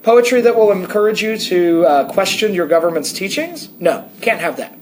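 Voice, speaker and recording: Man, American, podcast co-host, casual analytical chat, reads passages aloud, slightly high voice. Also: lively intonation, moderate pace, darkish tone. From United States. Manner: talkative, digressive, reads excerpts aloud.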